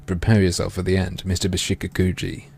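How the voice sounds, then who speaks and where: A man voicing a brash teenage girl heroine, speaking loudly and bluntly with indignation. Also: deep voice, monotone, brisk, creaky. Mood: defiant. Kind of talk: game dialogue read-aloud.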